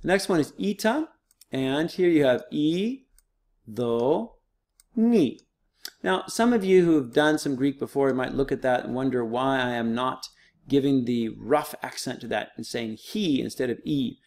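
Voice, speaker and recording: A man's voice: mid-range voice, moderate pace, a little mellow. A man teaching a recorded online lesson, explaining step by step in a casual, patient way with frequent fillers.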